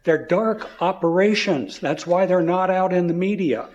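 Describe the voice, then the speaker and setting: A man's voice: high voice, normal speed, a little mellow, highs cut off. Earnest man giving testimony. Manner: earnest, warning. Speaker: testimony speaker.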